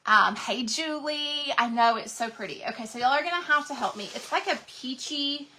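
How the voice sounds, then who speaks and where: Woman, craft livestream host, slightly high and bright voice, bubbly and chatty with her viewers. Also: moderate pace, slight background noise. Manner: bubbly, gushing, chatty, talks to viewers in the chat. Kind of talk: casual craft livestream chat.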